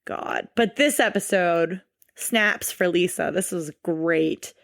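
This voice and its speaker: A woman co-hosting a podcast in casual chat, playful and emphatic, quick to laugh. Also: fairly low pitch, gravelly, dry recording, clean studio sound. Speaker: podcast co-host.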